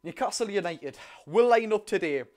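A young man with a strong Geordie accent talks straight to his viewers during a live football stream. He is animated and chatty, and he curses now and then in an offhand way. His voice sits a little high for a man. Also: moderate pace. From North East England. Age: young adult. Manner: animated, chatty, swears casually, addresses viewers directly. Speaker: football fan YouTuber hosting a live watchalong. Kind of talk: casual live-stream chat.

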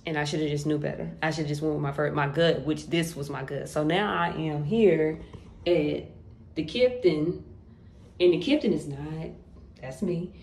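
This is a woman in her late twenties talking casually to her viewers, full of folksy slang. Her voice sits low and has a gravelly, fry-heavy texture. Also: normal speed, a little mellow. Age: late 20s. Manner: chatty, talks straight to viewers, folksy slang. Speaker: vlogger.

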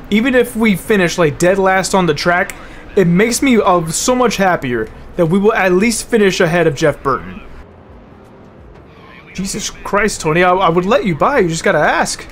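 A man's voice: high-pitched, animated, normal speed, a little hiss or hum. Young man commentating a racing game. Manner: swears a lot and calls people bro; flares into loud angry rants. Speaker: gaming video host.

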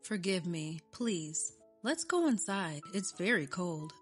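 A woman's voice: a little high, expressive, normal speed, soft background music, voice pushed up, lightly acted. A woman voicing a kind, earnest young woman. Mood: pleading. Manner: earnest, pleading.

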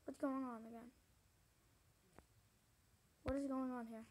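High-voiced woman ranting over gameplay. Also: flat delivery, measured pace, rough recording. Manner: frustrated, exclamatory, talks to viewers. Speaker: gaming YouTuber. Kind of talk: gameplay commentary. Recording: game music playing loudly. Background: loud game music.

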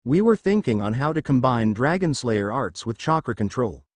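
A man's voice: medium pitch, sing-song, normal speed, no echo. A man voicing a female dragon spirit who explains lessons, in a fan fiction reading. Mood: eager.

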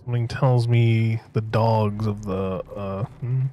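A man's voice: lowish voice, fairly even intonation, slow, lo-fi sound, slight background noise. A man streaming a video game, chatting casually, joking and tripping over his words. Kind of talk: casual live-stream gaming commentary.

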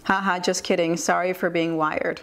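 Amused American woman, low voice. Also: little pitch movement, normal speed, vocal fry. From United States. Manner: wry and amused, chatty with fillers. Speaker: YouTuber and English teacher. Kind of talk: casual vlog, reading messages aloud.

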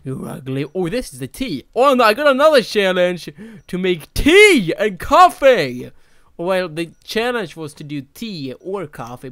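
Young Swedish-accented let's player, excitable and shouty, with lively swings in pitch. Dry sound. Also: no echo. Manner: giggly, shouty, talks to game characters. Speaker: let's play gamer. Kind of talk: excited gameplay commentary.

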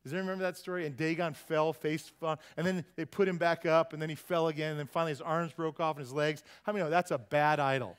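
A man's voice: a little high, fairly even intonation, fast, few pauses, clear, resonant tone. A man preaching a sermon at a church service, folksy and joking, constantly quizzing the congregation with questions. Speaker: pastor.

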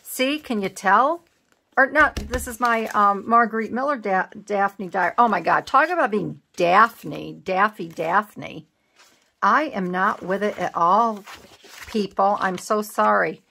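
A woman's voice: mid-range voice, measured pace, creaky, sharp tone, slight background noise. A woman hosting a crafting video, chatting casually as she works and teasing herself for being scatterbrained. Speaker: craft channel host. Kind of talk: casual crafting vlog chat.

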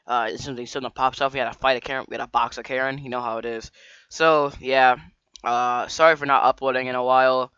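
A male vlogger rambles through a story, filling it with slang and repeated restarts. His voice is bright and clean, with a sharp edge. The recording sounds dry and a little dull, like lo-fi audio. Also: mid-range voice, steady tone, fast, clean tone, no echo. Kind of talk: casual storytime vlog.

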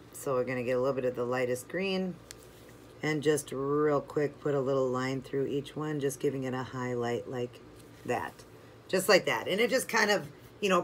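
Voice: mid-range voice, a bit bright, slight background noise. Chatty nail art tutorial host. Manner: chatty, talks through each step while working. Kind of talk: step-by-step craft tutorial.

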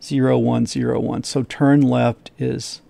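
A man's voice: medium pitch, level tone, a little slow, creaky, mellow, no room sound. A middle-aged man teaching a coding lesson while he shares his screen, thinking aloud, repeating steps and checking his own work.

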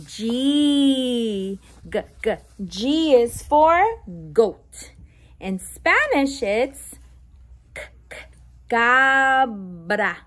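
With a fairly high pitch, big swings up and down, and a fairly bright tone, a woman reads a bilingual picture book to toddlers. She stresses letter sounds slowly, one by one, and sprinkles in playful animal noises.

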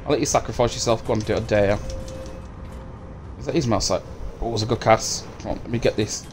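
A man's voice: on the low side, fast. Brit guy streaming a game, cussing and teasing, bit of noise behind. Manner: swearing, banter, mock taunts. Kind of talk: live gameplay commentary.

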